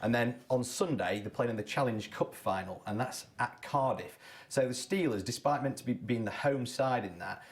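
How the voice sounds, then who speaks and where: A man's voice: medium pitch, normal speed, hardly any pauses. A man co-hosting a local sports show, telling stories and running through sports news in a chatty way. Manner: chatty storyteller, laughs often. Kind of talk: casual studio chat and news roundup. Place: local TV studio.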